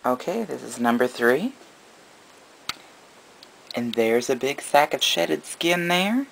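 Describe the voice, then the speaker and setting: A man's voice: medium pitch, animated, slow, creaky, fairly bright tone, slight background noise, poor audio. A man running a casual vlog as a reptile breeder, mixing cooing baby talk to his animals with plain explanation.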